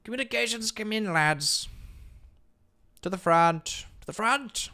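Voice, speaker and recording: Pompous posh British officer. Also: male voice, high-pitched, animated, pushed and bright, voice pushed up, full character voice. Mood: pompous, commanding. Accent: British, put-on posh. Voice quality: plummy, drawn-out "ah, yes". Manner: commanding, summoning men to the front.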